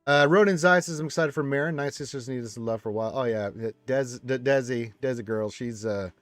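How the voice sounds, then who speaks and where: A man's voice: medium pitch, fairly quick, dry recording. A man hosting a casual live stream, reading viewer comments aloud and chatting back from a room full of action figures.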